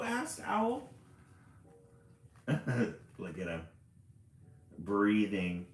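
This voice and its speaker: This man speaks very slowly in a medium-pitched voice with huge pitch swings, pausing often. On a live stream, he reads a children's book aloud, frequently chuckling and commenting on the illustrations, in an echoey room with a faint background ambience.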